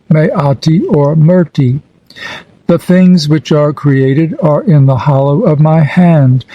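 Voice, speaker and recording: A man reading an ancient funerary text aloud in a solemn, measured, declamatory manner. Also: on the high side, no echo, muffled recording. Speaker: reader.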